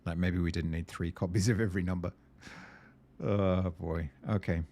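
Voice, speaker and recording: Working through a puzzle game on a gameplay video, this male host mutters to himself and thinks out loud, hesitant but easily thrilled. He speaks at a normal speed in a low register.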